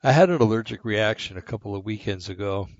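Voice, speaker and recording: A man's voice: on the low side, lively intonation, fast talker, no echo. Short-of-breath man with a shaky voice. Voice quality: slightly shaky voice. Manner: meandering, many fillers and asides. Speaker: podcast host. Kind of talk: rambling casual monologue. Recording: dull, lo-fi and dry.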